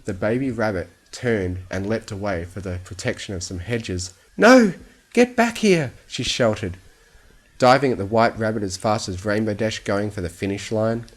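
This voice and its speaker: Reading a bedtime story aloud, a male fan fiction reader uses a somewhat low voice. His calm, steady delivery is designed to ease listeners into sleep.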